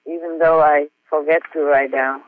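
A man reads aloud from his personal diary, halting and earnest, with frequent pauses and fillers. His voice sits somewhat high and is recorded close and dry, with no room sound around it. The audio is thin and tinny, as if coming down a phone line. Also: little pitch movement, no echo. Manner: halting, hesitant, with frequent fillers and self-mocking laughs; earnest, heartfelt.

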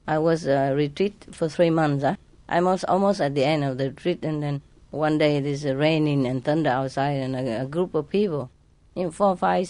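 A woman with a somewhat low voice speaks as a spiritual teacher in a relaxed group chat. Her English has non-native phrasing, and she laughs often as she talks. She playfully imitates sounds while telling stories. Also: no echo. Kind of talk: casual storytelling to a group.

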